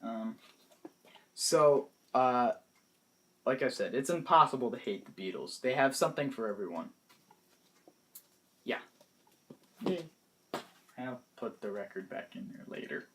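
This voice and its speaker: A man's voice: mid-range voice, lively intonation. Hesitant young man chatting casually. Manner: hesitant, many pauses and restarts, trailing off softly. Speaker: vlogger. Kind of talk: casual vlog about favorite music.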